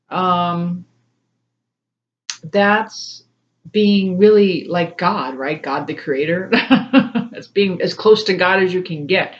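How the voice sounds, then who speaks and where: A woman tarot reader talking in a casual, rambling way, laughing often between phrases. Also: fairly low pitch. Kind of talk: casual spiritual reading to camera. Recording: slightly dull lo-fi sound.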